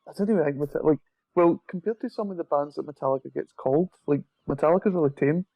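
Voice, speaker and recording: A man hosting a podcast, with a somewhat high voice that has a gravelly edge. He jokes and teases in relaxed banter, recorded close and dry. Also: fast talker, no room sound, narrow, tinny audio. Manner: joking, teasing banter. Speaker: podcast host. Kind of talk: casual chat.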